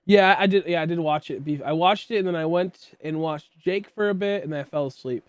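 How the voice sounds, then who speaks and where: A man's voice: fairly high pitch, a little fast, clean tone, dry recording. A young man streaming and chatting casually with viewers, rambling with many fillers and coughing often from a tickly throat. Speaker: livestreamer.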